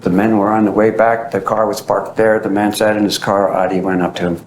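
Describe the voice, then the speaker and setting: Guy telling stories at a talk, does the voices, mid pitch, echoey with a low hum behind. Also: brisk. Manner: animated storyteller who acts out quoted voices. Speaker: speaker giving a talk. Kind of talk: storytelling talk. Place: at the site being described. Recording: roomy echo with faint low rumble.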